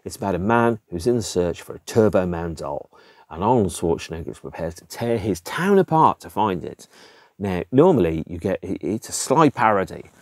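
Deep-voiced bloke ranting on his podcast, dry close sound, swears a bit and asks himself questions. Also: moderate pace, no room sound. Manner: exasperated, ranting, swears for emphasis; lively, emphatic rhetorical questions. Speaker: podcast host reviewing films. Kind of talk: casual chatty film review.

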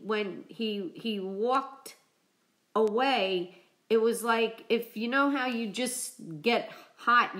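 A woman vlogger chatting on a live stream, emotional and choked up from crying, talking haltingly with many restarts. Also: a little high, fairly bright tone. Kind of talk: casual live-stream chat.

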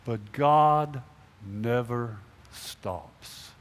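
A man's voice: mid-range voice, drawn-out words, a little hiss or hum. A middle-aged male pastor giving a sermon in a church sanctuary, asking the congregation questions and acting out imagined conversations. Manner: acts out imagined dialogue, asks the congregation questions. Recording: long hall reverb in a church.

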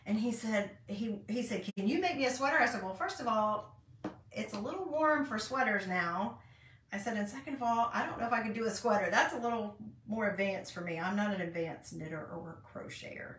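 A woman's voice: medium pitch, moderate pace, a bit bright, far from the mic. Chatty grandmother in a roomy craft room. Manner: chatty, rambling, talks to viewers while working. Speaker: craft channel host. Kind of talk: casual craft tutorial chat. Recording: roomy echo, mic set back.

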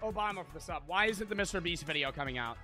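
Slangy, high-voiced young man streaming. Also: quick pace. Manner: slangy, excitable, swears often. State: out of breath. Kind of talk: casual gaming commentary. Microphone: headset. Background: game music.

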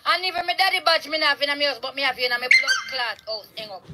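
A Jamaican woman ranting outdoors in a yard, loud, heated and full of curses, recorded on a phone. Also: high-pitched, animated, fast, hardly any pauses, a little hiss or hum, poor audio. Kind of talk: angry street rant to camera.

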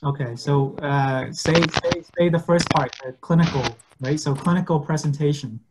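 A man teaching medical English in an online class, patiently repeating words slowly and switching languages. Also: a little high, fairly even intonation, background noise.

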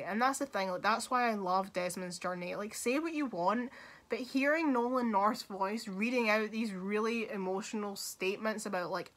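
Speaking at medium pitch, a young woman chats through her opinions on a relaxed gaming talk video she hosts. She's lively, laughs a lot, and doesn't hold back on swearing.

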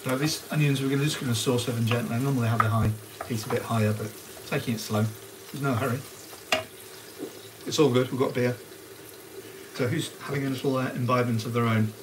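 A man's voice: mid-range voice, steady tone, fast, background noise. A man hosting a live cooking stream, chatting casually and greeting viewers by name as he cooks. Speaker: cooking livestream host. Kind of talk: casual live cookalong chat. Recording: frying sizzle behind the voice. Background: onions sizzling in a pan.

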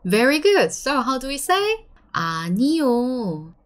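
A woman in her thirties with a Korean accent, a Korean teacher giving an encouraging online lesson and drawing out the example phrases slowly. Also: high-pitched. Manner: lively, encouraging, drawn-out model phrases.

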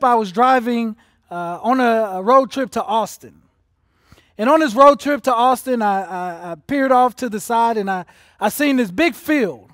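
A man preaching a livestreamed sermon as pastor, emotional and building from soft to intense. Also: high voice, dry recording, clean studio sound. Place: church auditorium.

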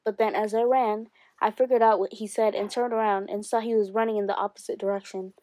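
A woman's voice: medium pitch, steady tone, fairly quick, warm tone, dry recording. Woman teacher reading a memoir aloud.

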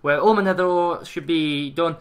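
A man's voice: fairly high pitch, moderate pace. A man casually commentating his own gameplay, chatty and jokey, swearing now and then. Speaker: let's play host.

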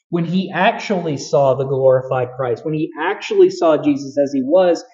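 A man's voice: on the high side, dark tone, lo-fi sound. A man preaching a sermon as pastor, talking conversationally with frequent restarts and building emphasis.

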